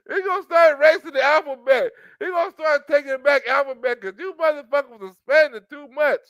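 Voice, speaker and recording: A man's voice: very high voice, a little fast, hardly any pauses, fairly bright tone, dry recording, lo-fi sound. A man in a casual, profane commentary rant, rambling, laughing often and repeating his fillers. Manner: laughs often, rambling, repeats "you know what I'm saying". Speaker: commentary vlogger.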